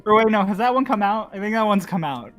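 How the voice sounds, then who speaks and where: A man's voice: sits high, lively intonation, quick pace, over music. Teasing man in casual group chat. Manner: teasing, joking, laughs often. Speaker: show regular.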